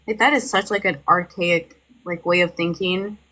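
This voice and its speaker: A woman's voice: fairly low pitch, normal speed, low-quality recording. A woman co-hosting a podcast, telling a story in casual chat with constant "like" fillers and growing heat. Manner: heavy "like" fillers, animated and heated storytelling. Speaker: podcast co-host.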